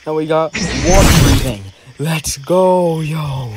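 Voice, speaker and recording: A young man giving casual, excitable gameplay commentary, talking to himself in slang as he plays. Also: medium pitch, normal speed, few pauses, a little hiss or hum, poor audio. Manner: excitable, talks to himself while playing, slangy. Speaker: gaming video creator. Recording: loud game music behind the voice.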